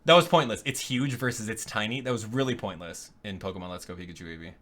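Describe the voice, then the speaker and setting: A man hosting a casual video game reaction, joking and laughing often, with quick rambling asides and quieter mumbling while he browses. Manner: drops to low mumbling while clicking around. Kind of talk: casual live reaction commentary.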